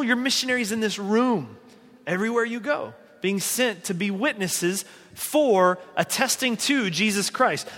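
A man preaching a sermon as pastor, lively and given to joking asides. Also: high voice, long reverb tail. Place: church sanctuary.

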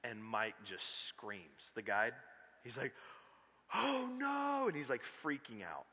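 A male pastor preaching a sermon in a church, reading scripture and telling a story in a conversational, animated way with joking asides. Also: on the low side, unhurried, slightly rough. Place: church sanctuary. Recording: long reverb of a large church hall.

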